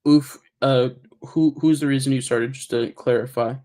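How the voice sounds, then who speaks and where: A man hosting a relaxed streaming podcast. He talks loosely and casually, full of slang. He shouts out his subscribers with easy enthusiasm. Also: mid-range voice, moderate pace. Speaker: podcast host.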